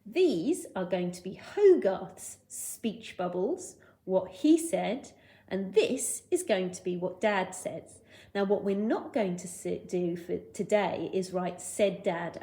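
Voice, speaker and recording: A woman primary school teacher giving a recorded lesson, dictating sentences clearly and word by word. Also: lowish voice, warm tone.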